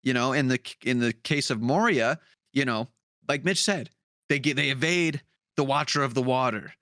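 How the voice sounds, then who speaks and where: A man's voice: mid-range voice, moderate pace, fairly bright tone, no echo, clean studio sound. A young man co-hosting a podcast in casual chat, laid-back, playful and profane. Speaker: podcast co-host.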